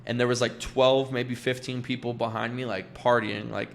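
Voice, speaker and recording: A young man in his twenties telling a painful personal story, blunt and candid, swearing often and filling pauses with "like". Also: medium pitch, little pitch movement, creaky.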